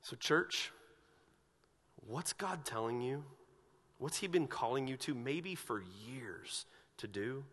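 Speaking a little slowly and pausing often in a large hall, a mid-range male voice preaches from the pulpit of a church sanctuary. The pastor poses earnest, searching questions to the congregation and grows animated when retelling scenes from scripture.

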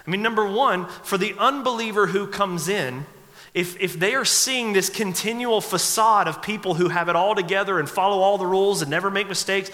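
A man's voice: high-pitched, fairly quick, pushed and bright, in a large hall. A man preaching a sermon to a congregation in a conversational way, joking with the crowd and acting out timid prayers. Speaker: pastor. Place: church sanctuary.

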